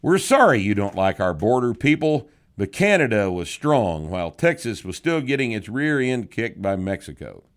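A man's voice: fairly low pitch, sing-song, moderate pace, hardly any pauses. A man voicing a blustering, indignant Canadian man who scolds and tacks on "eh". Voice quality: folksy, says "eh". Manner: loud, scolding, mock-folksy.

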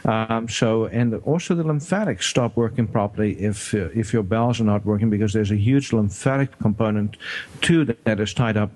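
Halting male radio health host. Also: on the low side, darkish tone. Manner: halting, many fillers and restarts, laughs easily. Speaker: radio show host, naturopathic doctor. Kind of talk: casual radio health chat.

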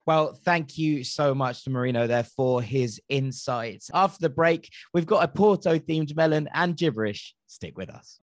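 A man's voice: a little high, normal speed, dry recording. Man hosting a chatty podcast, dry sound. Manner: animated, exasperated storytelling. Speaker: podcast host. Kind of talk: casual chat.

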